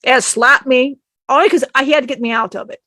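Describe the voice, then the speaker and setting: High-voiced woman telling a heartfelt story. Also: steady tone, quick pace, sharp tone, no room sound. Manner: rambling, quotes others, laughs often. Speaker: channeler speaking as a spirit. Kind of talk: emotional personal storytelling.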